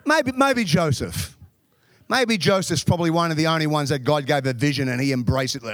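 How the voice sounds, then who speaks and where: A man preaching a sermon in a lively, joking way with quick asides. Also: fairly high pitch, no echo. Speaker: pastor.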